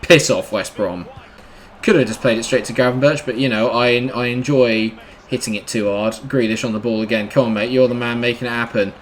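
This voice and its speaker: A young man commentating live on his own football video game match, sarcastic and easily frustrated. He swings between low muttering and loud outbursts. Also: moderate pace, a little hiss or hum. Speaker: gaming YouTuber.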